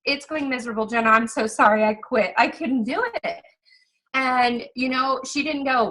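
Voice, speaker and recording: Bright-voiced chatty woman telling her story. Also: fairly high pitch, moderate pace, low-quality recording. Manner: chatty and earnest, many fillers like "like" and "um"; acts out quoted exchanges in livelier voices. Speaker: fitness coach. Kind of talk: personal testimonial.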